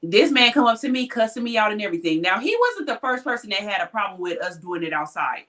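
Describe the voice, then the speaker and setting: Blunt, animated woman telling a work story. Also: mid-range voice, fast talker. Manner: animated, blunt, swears freely. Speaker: hospital technician. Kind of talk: casual chat, storytelling.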